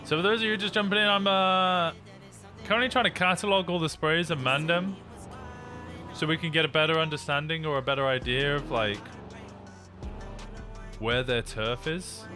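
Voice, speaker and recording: A man's voice: a little high, fairly even intonation, normal speed, long pauses, bright, forceful tone, soft background music. A man streaming a game roleplay as a police officer, upbeat and chatty, often repeating himself as he talks to players and viewers.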